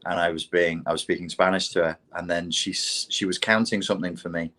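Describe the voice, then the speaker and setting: British guy on a podcast, slightly low voice, animated jokey storytelling. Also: a little fast. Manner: animated self-mocking storyteller. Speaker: podcast co-host. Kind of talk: casual chat.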